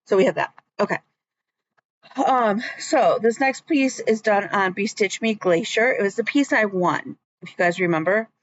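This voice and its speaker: A woman's voice: medium pitch, moderate pace, dry recording, dull audio. A woman vlogging about her stitching at home in a rambling, chatty way, with many ums. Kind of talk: casual chat.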